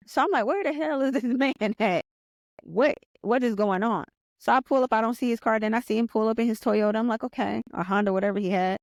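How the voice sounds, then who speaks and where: A woman in her forties, a podcast guest, telling a personal story in an earnest, animated way, often repeating herself and restarting sentences. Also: mid-range voice, no room sound. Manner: earnest and animated, reliving events aloud.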